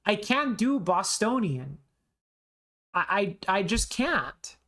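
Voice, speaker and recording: A woman's voice: mid-range voice, very animated, slow pace, fairly bright tone. A woman streamer chatting casually during a game playthrough, talking in a self-deprecating way and restarting her sentences often. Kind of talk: casual live game commentary.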